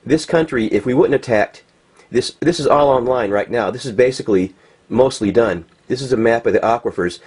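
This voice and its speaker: Talking fairly quickly in a medium-pitched, slightly mellow and somewhat rough voice, an American vlogger improvises an agitated rant over pictures. He restarts often and leans heavily on fillers.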